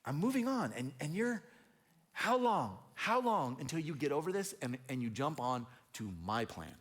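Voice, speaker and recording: A pastor putting on the voice of God, patient yet exasperated, firing teasing questions at a frightened prophet. The voice swings widely in pitch, sometimes dropping low and soft and sometimes rising high. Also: male voice, sing-song, moderate pace. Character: God speaking, patient, impatient with a fearful prophet.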